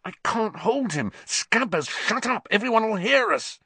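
A man's voice: high voice, expressive, a little slow, sharp tone, husky, no echo, voice pushed up, full character voice. A man voicing a flustered, exasperated teenage boy, speaking in raised outbursts. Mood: frantic.

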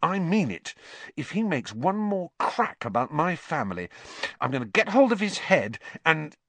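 A man's voice: a little high, very animated, a bit bright, no room sound, voice pushed up, exaggerated voice. A man voicing a hot-tempered teenage schoolboy who talks bluntly. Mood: angry. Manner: blunt, quick to anger.

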